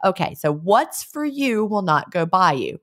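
A woman's voice: medium pitch, sing-song, unhurried, a bit bright. A woman co-hosting a casual chat, reading listener letters and playing with quirky phrases. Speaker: podcast co-host.

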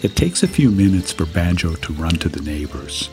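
A man who teaches a business course, giving a scripted lecture in a measured way and posing rhetorical questions. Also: sits low, big pitch swings, faint music behind.

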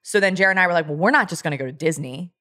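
A woman's voice: fairly low pitch, rapid-fire, sharp tone. A young woman co-hosting a casual chat podcast, telling stories with lots of "like.". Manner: chatty storyteller, lots of "like". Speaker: podcast co-host.

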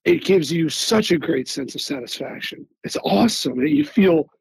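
Gravelly, husky-voiced man telling army stories. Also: fairly high pitch, normal speed, poor audio. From Philadelphia, US. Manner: animated, repeats words while searching for them. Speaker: guest, Army veteran. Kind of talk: casual interview storytelling.

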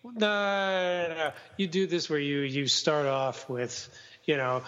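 Playful man, slightly high voice. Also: fairly even intonation, measured pace, a bit bright, long reverb tail, muffled recording. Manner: playful, mock-offended. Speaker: podcast co-host. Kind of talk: casual film discussion.

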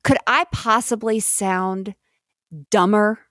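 An American woman co-hosting a podcast, chatting casually, quick to laugh and joke at herself. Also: medium pitch, fairly even intonation, a bit bright, no room sound, studio quality. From United States. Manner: chatty, self-deprecating, laughs often. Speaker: podcast co-host. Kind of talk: casual chat.

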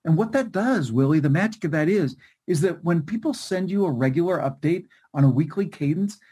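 A middle-aged man talks as an interview guest in an energetic, emphatic way, stressing key words as he explains. His voice is husky and sits a little high. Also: a little fast. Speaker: guest, newsletter writer and co-author. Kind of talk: interview, explaining to a webcast audience.

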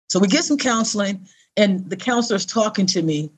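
A middle-aged interview guest with a mid-range voice talks briskly through a personal story. She keeps it earnest and conversational, animatedly acting out the voices of people she's quoting.

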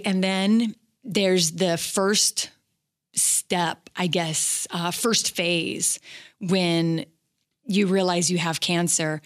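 A middle-aged woman telling a personal story as an interview guest, candid and halting, with many fillers. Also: on the low side.

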